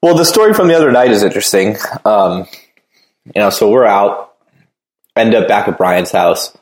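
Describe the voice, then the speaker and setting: Guy rambling about his life, kinda low voice, echoey room. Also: lively intonation, moderate pace. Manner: rambling, loose, full of fillers like "you know". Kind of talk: casual chat.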